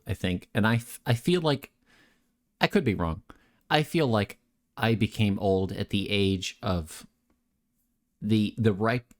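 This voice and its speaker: Low-voiced young man chatting on stream. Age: young adult. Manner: rambling, joking, reads chat messages aloud and answers them. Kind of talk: late-night casual chat stream.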